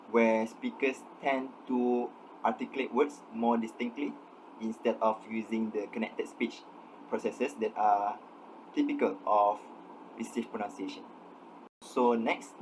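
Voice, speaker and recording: A young man giving a scripted academic presentation on pronunciation, measured and explanatory as he reads through examples. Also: medium pitch, darkish tone, slight background noise, poor audio. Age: young adult. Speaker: student presenter.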